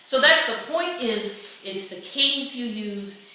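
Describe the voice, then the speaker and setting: A woman presenting a workshop in a chatty, animated way, often restarting her sentences. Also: fairly high pitch, slow. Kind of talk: conversational seminar talk. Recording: echoey room from a distance with faint noise.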